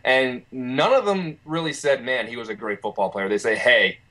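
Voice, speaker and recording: A man's voice: medium pitch, moderate pace, bright, forceful tone. A man talking as a guest in a casual conversation, earnest and reflective as he recalls a family member. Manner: earnest, reflective, with frequent fillers and restarts. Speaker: guest, nephew of the person discussed.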